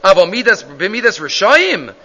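Guy giving a gemara shiur, chants the text then explains in english, sharp bright tone, kinda muffled recording. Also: high voice, big pitch swings, normal speed, a little hiss or hum. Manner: reads Hebrew and Aramaic text aloud, then translates into English; sing-song chanting of the text, with many restarts. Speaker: Talmud teacher. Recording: dull lo-fi recording.

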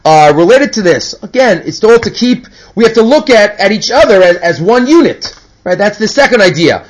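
High-voiced man teaching a Torah class. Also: sing-song, normal speed, poor audio. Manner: conversational, mixes Hebrew quotes into English, acts out characters.

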